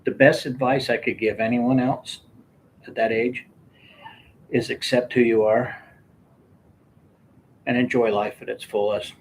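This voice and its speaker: A man's voice: medium pitch, steady tone, measured pace, pauses often, slight background noise. An older man telling rambling casual stories from his youth, often breaking into laughter. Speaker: storyteller. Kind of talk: casual storytelling.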